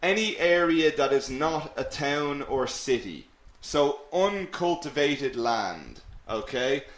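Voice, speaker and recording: A man teaching an English lesson with a lively, swooping delivery that keeps checking in with the class. He takes his time over each word, with self-mocking asides. His voice sits a little high and rings in an echoey room. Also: takes it slowly. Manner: lively, animated explaining with many "okay?" checks. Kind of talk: live online English lesson.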